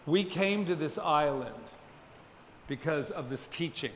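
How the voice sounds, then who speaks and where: A man giving casual announcements to his congregation, joking and self-deprecating. His voice sits a little high for a man, and it carries through a long-reverb hall with faint room noise in the background. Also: lively intonation, unhurried. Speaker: spiritual center leader. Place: church hall. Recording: echoey hall, faint ambience.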